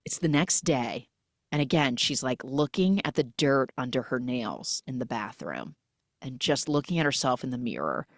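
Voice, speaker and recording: A woman recapping a film plot on a podcast in a casual, animated way, acting out characters and sound effects with lots of "like". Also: rumbling low, normal speed, no echo, studio quality. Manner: animated retelling, acts out characters and sound effects, many "like" fillers.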